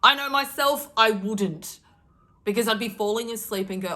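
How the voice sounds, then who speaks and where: A middle-aged woman delivering a channeled daily message to her viewers, emphatic and animated, deliberately shifting her tone to stir emotion. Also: medium pitch. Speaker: spiritual card reader.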